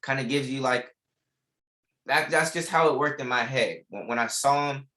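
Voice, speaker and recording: A man's voice: medium pitch, normal speed, pushed and bright. A young man teaching a live online trading class, repeating key lines with emphasis and casual slang. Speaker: trading instructor.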